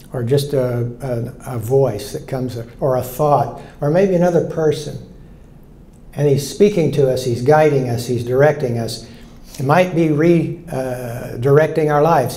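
A man's voice: medium pitch, warm tone, reverberant, a little hiss or hum. A man in his sixties, a pastor preaching an earnest sermon and telling stories, often repeating key lines.

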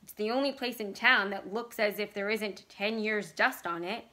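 A tired, stubborn husband whose lines come out dull and flat, read by a woman narrator. Her bright voice stays close to her own plain reading. It is a storybook reading. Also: medium pitch, normal speed, natural voice. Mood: flat resolve. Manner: dull and flat, without force. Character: stubborn, weary husband and war veteran.

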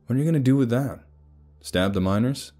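A man voicing a reckless young friend exploring a mine, loud, mocking and laughing. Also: medium pitch, a little fast, soft background music, voice pushed up, natural voice.

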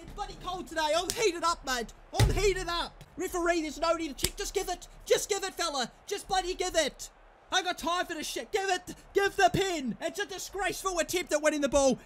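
Young guy yelling and cursing at his football sim, really high voice, bit of noise in the back. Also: a little fast. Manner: furious, swearing, shouting at players. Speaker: gaming YouTuber. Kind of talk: live gameplay commentary.

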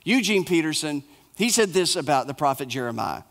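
A male pastor delivers a sermon in a fairly high voice. He builds his points in short, repeated phrases. He drops soft and low for the sorrowful parts. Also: very animated, fairly quick.

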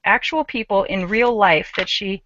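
A woman's voice: medium pitch, normal speed, fairly bright tone, dry recording, lo-fi sound. A woman co-hosting a live craft show, chatting casually and explaining her work as she goes, with a self-mocking humor.

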